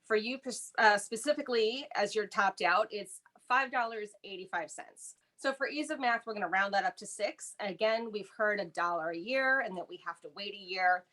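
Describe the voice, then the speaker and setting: A woman's voice: mid-range voice, normal speed, pushed and bright. A woman on a union negotiating team, methodically walking listeners through pay figures step by step. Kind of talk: explanatory walkthrough of contract math.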